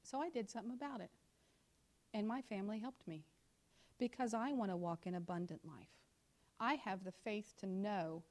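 A woman preaches to her church, her mid-pitched voice climbing loud and slow on scripture. She then falls to low, quick, confiding asides and keeps asking the room questions. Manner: talks straight to the congregation with questions. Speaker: church teacher in ministry with her pastor husband. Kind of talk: conversational sermon teaching from scripture. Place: in front of a church congregation.

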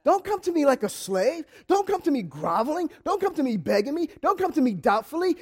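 A male preacher delivers a fervent sermon in an unusually high voice. He talks straight to his listeners, building from quiet asides to ringing shouts. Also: big pitch swings, a little fast, few pauses. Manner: impassioned, rising to shouts, speaking straight to the congregation.

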